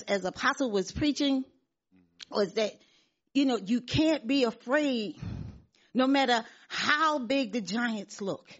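Woman giving an earnest church testimony, lo-fi. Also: a little high. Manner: earnest, repeats herself, laughs often. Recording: dull lo-fi sound.

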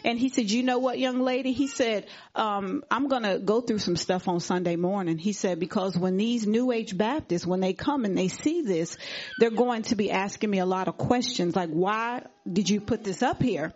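A woman's voice: medium pitch, normal speed. A woman sharing a testimony at a church service, retelling a conversation and acting out what each person said. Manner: animated retelling, acting out quoted dialogue. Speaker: congregation member giving testimony. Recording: dull lo-fi recording.

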